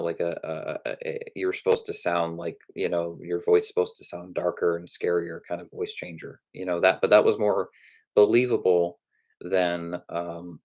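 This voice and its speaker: A young man hosting a casual live-stream about movies, talking in a halting way with frequent restarts. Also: sits low.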